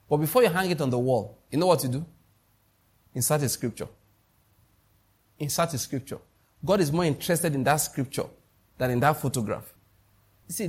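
A middle-aged male pastor, Nigerian-accented, preaches in a husky, fairly high voice. Emphatic throughout, he restates key phrases and asks the congregation questions to keep them following.

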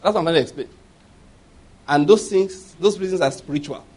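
A middle-aged man preaching a sermon, telling personal stories with animated quoted voices and laughing at his own tales. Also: a little high, brisk, husky. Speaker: pastor.

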